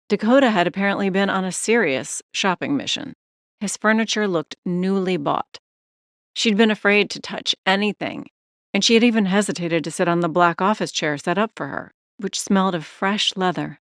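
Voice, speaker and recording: Woman reading an audiobook, lowish voice, steady, super dry close mic. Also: no echo. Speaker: audiobook narrator. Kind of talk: scripted narration.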